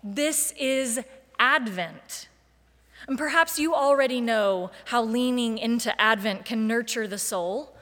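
A woman preacher giving a sermon, with a measured, deliberate delivery and emphatic lists. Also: on the high side, a bit bright, in a large hall.

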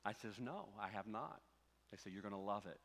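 Bright-voiced pastor preaching in a hall. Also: male voice, fairly low pitch, lively intonation, a little fast, vocal fry. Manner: storytelling, swings from hushed asides to loud exhortation. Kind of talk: sermon. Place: church sanctuary. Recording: long church hall reverb.

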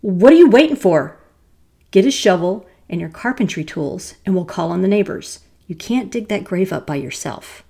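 A brisk country wife gives orders in a low, gravelly voice, as a woman storyteller puts her on. She sounds practical and sharp-tongued. The tone stays dark and mellow. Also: animated. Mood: commanding.

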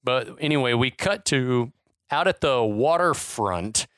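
Dude retelling a movie plot, cursing and laughing, dry close sound. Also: male voice, mid-range voice, lively intonation, unhurried, fairly bright tone, no room sound. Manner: storytelling, profane, laughs often. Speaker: podcast co-host. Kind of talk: casual movie recap chat.

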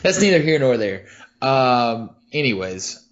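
A man trades dry, wry remarks as a podcast co-host in relaxed conversation. His pitch is mid-range and the recording is dull and lo-fi. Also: measured pace. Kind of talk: casual chat. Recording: dull lo-fi sound.

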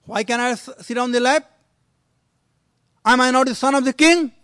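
A man's voice: extremely high pitch, normal speed, sharp tone, clear, resonant tone, no room sound, studio quality, pitched above the performer's own voice. A man voicing a five-year-old boy prince who asks plaintive, hurt questions. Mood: pleading.

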